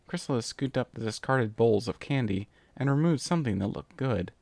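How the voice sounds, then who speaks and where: A male reader narrates a rhyming story with a steady storytelling rhythm. His voice sits at a middle pitch. The sound is dry and close. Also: a little fast, few pauses, dry recording. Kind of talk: scripted narration.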